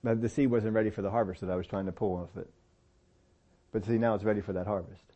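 A middle-aged man preaching a sermon, telling personal stories in a relaxed, conversational way and often rising in pitch to press a point. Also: fast. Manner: conversational storytelling with lively pitch swings and laughs. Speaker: pastor.

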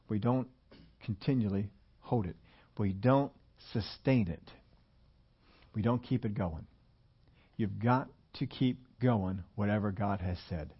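A man's voice: medium pitch, breathy edge, muffled recording. An older man preaching a sermon in a church, talking in a folksy, conversational way with many repetitions. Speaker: pastor.

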